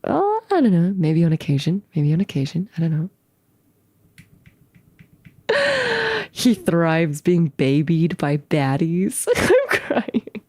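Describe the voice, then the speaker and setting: A woman streamer chatting casually with her viewers, giggling often and breaking into squealing high laughs, with a slangy way of talking. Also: huge pitch swings, slow, pauses often, darkish tone, dry recording. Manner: talks to chat, slangy. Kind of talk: casual live-stream chat reacting to clips.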